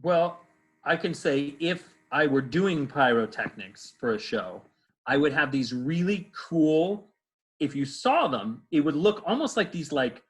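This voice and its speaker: A man's voice: a little high, animated, measured pace, fairly bright tone, slightly rough, low-quality recording. A man, a stage actor, answering interview questions in a casual, rambling way, full of fillers and restarts, over a video call.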